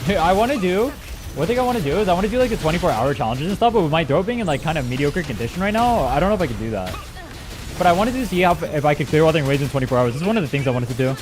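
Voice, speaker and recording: A young man chats casually while streaming a game, rambling from one thought to the next and swearing freely. His voice sits fairly high and swoops around a lot, and his throat sounds a little strained. Faint game music plays underneath. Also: big pitch swings, racing. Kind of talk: casual gaming stream chat.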